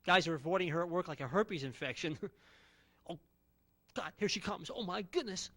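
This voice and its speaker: A man's voice: high-pitched, expressive, normal speed, fairly bright tone. A man around forty performing a stand-up comedy routine with brash, punchy one-liners and no audience.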